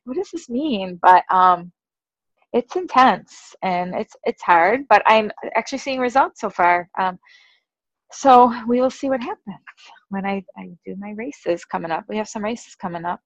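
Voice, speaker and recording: A woman's voice: medium pitch, dry recording, dull audio. A woman co-hosting a podcast in casual chat, laughing often and quoting her own thoughts as she talks. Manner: chatty, laughs often, quotes herself. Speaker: podcast co-host.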